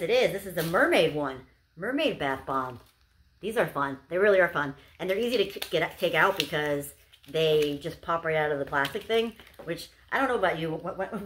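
A woman's voice: deep voice, fairly bright tone, slight background noise. A young woman chatting casually to camera as she unboxes gifts, gushing and bubbly, with lots of "like"s. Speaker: unboxing vlogger.

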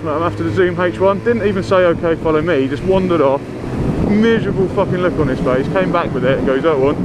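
A man talks to the camera from his motorbike in a loose, swearing ranting stream as he rides through town. His voice sits in an ordinary middle register. Wind and traffic noise run clearly under his words. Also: mid-range voice, muffled recording. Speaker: motorbike vlogger. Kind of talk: casual riding commentary. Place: riding a motorbike on town roads.

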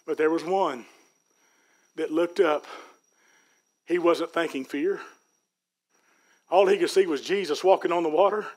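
High-voiced folksy preacher. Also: male voice, fairly even intonation, a little slow, pauses often. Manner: folksy preaching, Southern US dialect, builds to shouts. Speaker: pastor. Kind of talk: sermon. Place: church sanctuary.

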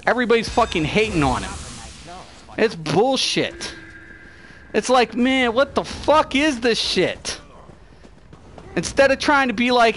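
A man's voice: very high-pitched, sing-song, a little slow, pauses often, a bit bright, slight background noise. A man hosting a gaming channel, ranting profanely and trash-talking during live gameplay commentary.

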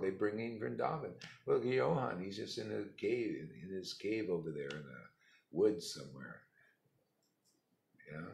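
A man's voice: mid-range voice, gravelly. A man giving a rambling, blunt spiritual talk, mocking and laughing often. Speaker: spiritual teacher. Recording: echoey room.

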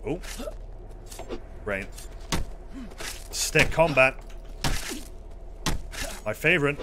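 A man's voice: on the high side, big pitch swings, measured pace, pauses often, background noise. A man streaming a horror game, commenting casually with sarcastic, exasperated swearing.

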